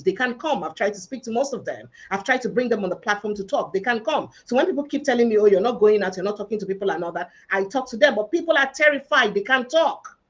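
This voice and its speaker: A woman's voice: medium pitch, breathy edge, dull audio. Earnest Nigerian woman hosting a livestream. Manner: earnest, pleading, switches into pidgin. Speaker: livestream host. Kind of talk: livestream panel talk.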